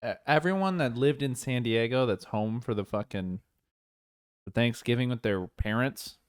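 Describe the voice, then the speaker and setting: A man's voice: medium pitch, normal speed, dry recording, clean studio sound. A young man co-hosting a podcast in casual chat, rambling and jumping between thoughts. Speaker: podcast co-host.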